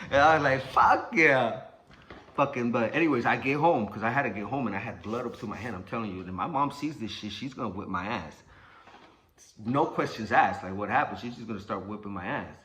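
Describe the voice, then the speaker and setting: A young man casually telling a personal story, animated and profane, acting out what people said. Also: on the low side, a little hiss or hum, rough recording. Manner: animated, profane, acts out quotes.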